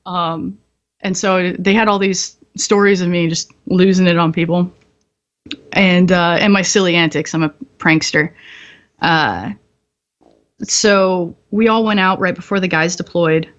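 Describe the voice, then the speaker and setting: A woman's voice: fairly low pitch, steady tone, unhurried, fairly bright tone, highs cut off. Candid, salty woman telling stories. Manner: candid, profane, laughs often. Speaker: podcast guest, military veteran. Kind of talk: casual storytelling.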